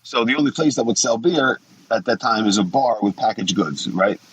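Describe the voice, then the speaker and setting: A man's voice: mid-range voice, expressive, moderate pace, slightly rough, poor audio. A man in his forties, a former wrestler guesting on a podcast, telling blunt, profanity-laced stories in a rambling, casual way. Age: 40s. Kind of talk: casual storytelling interview.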